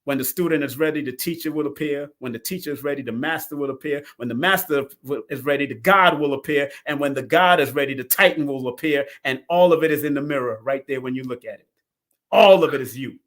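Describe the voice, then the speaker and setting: A middle-aged man hosting a live numerology talk show, casual and animated, laughing often and swinging from loud bursts to soft asides. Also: mid-range voice, fast.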